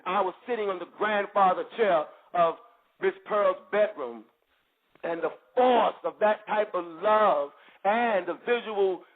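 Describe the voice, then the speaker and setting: A man giving a rambling spoken testimony in an animated storytelling way, laughing often and repeating phrases. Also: sits high. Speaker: spiritual group member giving testimony. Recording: tinny phone-line audio.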